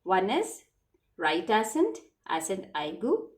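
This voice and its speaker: A woman teaches French to children, spelling out letters and repeating each word patiently. She talks slowly, and her pitch swings up and down in a lively way. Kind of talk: classroom lesson for children.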